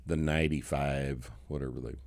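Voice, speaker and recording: A man's voice: extremely low pitch, fairly even intonation, moderate pace, vocal fry, darkish tone. A man with a slight Texas accent, hosting a casual chat in a blunt, mocking way and laughing often. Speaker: podcast host.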